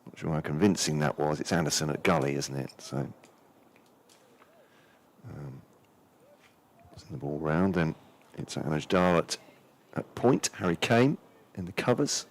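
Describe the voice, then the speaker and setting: A man's voice: very deep voice, measured pace. A man co-commentating on a cricket match, methodically working through the fielders and calling each ball. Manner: careful, methodical, checks the fielding positions aloud. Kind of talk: live sports commentary.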